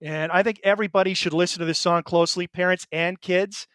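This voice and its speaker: High-voiced earnest middle-aged man. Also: steady tone, quick pace, a bit bright, clear, resonant tone, no room sound, clean studio sound. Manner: earnest, emotional, hesitant with many fillers and restarts. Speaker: podcast co-host. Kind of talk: casual chat.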